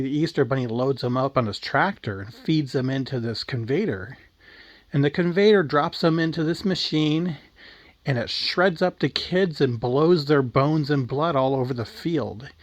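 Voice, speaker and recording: A man voicing a sharp-tongued, vengeful old grandmother who scolds and tells a grisly tale. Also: medium pitch, no echo, natural voice.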